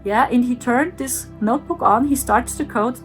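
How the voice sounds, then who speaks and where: A woman's voice: a little high, normal speed, faint music behind. Woman telling a strange story. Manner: earnest, wondering, with repetitive sound effects. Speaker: spiritual channel host. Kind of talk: personal storytelling.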